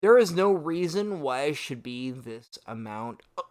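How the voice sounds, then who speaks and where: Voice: medium pitch, expressive, unhurried, a little mellow. Tipsy swearing streamer, hiccuping. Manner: swearing, exasperated ranting. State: hiccuping between words; tipsy from shots. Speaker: livestreamer. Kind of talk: drunken livestream rant.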